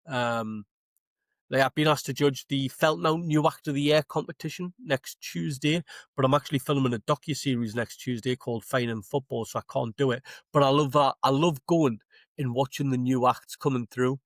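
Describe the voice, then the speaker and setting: This man, a Newcastle comedian with a Geordie accent, is a podcast guest telling stories in easygoing studio conversation, cursing freely and performing what people said. His voice is mid-range, and the audio is studio quality with no room sound.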